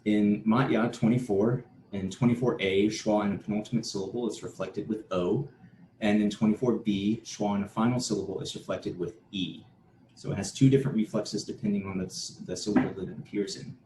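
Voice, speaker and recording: This male conference presenter has a lowish, mellow voice and talks fairly quickly in a steady tone. His academic talk unfolds as a steady explanation, with an occasional word restarted. Faint noise and echo fill the room.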